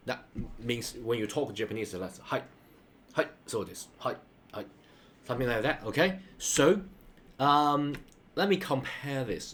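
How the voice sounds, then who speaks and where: A man's voice: medium pitch, a little hiss or hum. A man teaches a casual online lesson, talking loosely and ending his points with a checking "okay?". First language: Mandarin. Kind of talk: casual screen-share lesson.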